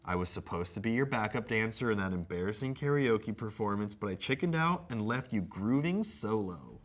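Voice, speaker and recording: A man's voice: on the low side, expressive, moderate pace. A man reading a silly letter aloud in a theatrical, comedic way, breaking into amused laughs. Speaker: co-host.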